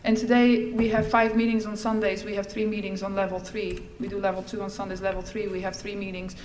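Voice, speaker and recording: A middle-aged woman giving a personal testimony at a recovery fellowship event, telling her story in a lively way and acting out the lines she quotes. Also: mid-range voice, fairly quick, a little hiss or hum. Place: large event hall. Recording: echoey hall with faint ambience.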